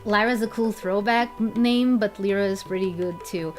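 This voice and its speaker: A woman's voice: medium pitch, normal speed, soft background music. A young woman streaming casually as a VTuber, rambling and laughing often, repeating herself as she goes. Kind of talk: casual chat.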